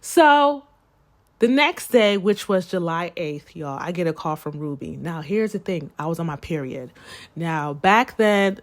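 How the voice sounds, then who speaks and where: A young woman chatting casually to viewers in a storytime, animated and calling them y'all, acting out the people she quotes. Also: lowish voice. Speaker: storytime vlogger.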